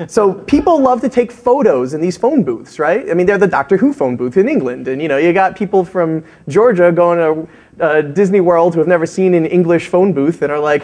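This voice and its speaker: Co-presenter, man, slightly high voice, chatty and tangent-prone storyteller. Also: lively intonation, fairly quick, a little mellow. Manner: rambling, goes off on tangents. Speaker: conference co-presenter. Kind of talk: anecdotal storytelling. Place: conference stage.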